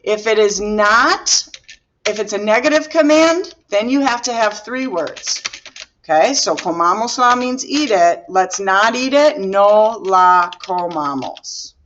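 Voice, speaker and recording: Slow, patient woman teaching grammar. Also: medium pitch, animated, a bit bright, dull audio. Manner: patient, explaining step by step while writing. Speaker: Spanish teacher. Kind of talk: recorded classroom grammar lesson.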